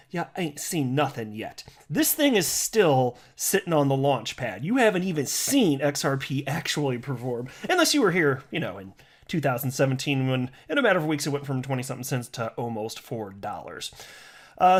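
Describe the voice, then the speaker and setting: A man giving casual, jokey, enthusiastic market commentary to camera as a YouTube host, with frequent fillers. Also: on the high side. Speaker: crypto YouTuber.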